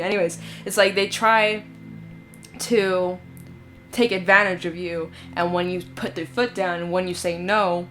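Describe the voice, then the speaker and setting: Woman doing a tarot reading, talks casual and blunt, cusses a lot, says like and um constantly, soft music in the back. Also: lowish voice, fairly even intonation, a little slow. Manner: chatty, frank, swears casually, many fillers. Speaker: tarot reader.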